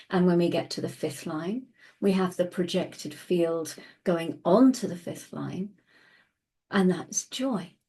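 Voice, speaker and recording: Woman, lowish voice, mellow, calm unhurried explaining, daily astrology talk. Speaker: astrology podcast host.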